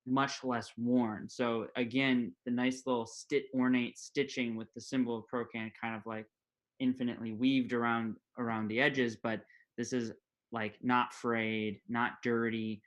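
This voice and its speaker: A man playing a tabletop game, describing his character's robes in a halting, casual way. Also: mid-range voice, flat delivery. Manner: halting, filler-heavy. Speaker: player.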